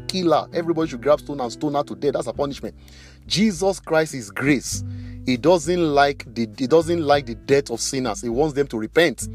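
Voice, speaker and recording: A man's voice: medium pitch, darkish tone. A man preaching a sermon, retelling Bible stories and acting out the people in them. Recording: faint guitar music behind.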